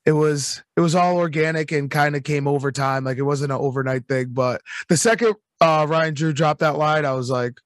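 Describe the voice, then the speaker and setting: A man's voice: fairly high pitch, little pitch movement, moderate pace, hardly any pauses, no echo, clean studio sound. A man telling stories as a guest in a casual podcast chat, laid-back and joking.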